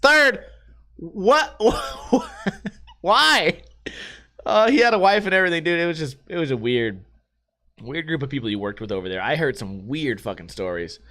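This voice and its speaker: Speaking quickly in a sing-song, slightly bright voice of medium pitch, a young man from the U.S. runs a casual podcast on his own. He's a profane storyteller who laughs a lot and curses freely.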